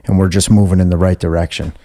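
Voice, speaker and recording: A man with a very low, gravelly voice speaking in a dark, mellow tone. He co-hosts a casual podcast and sounds sincere and reflective. The sound is dry and close. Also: little pitch movement, fast, dry recording. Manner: earnest, reflective, grateful. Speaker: podcast co-host.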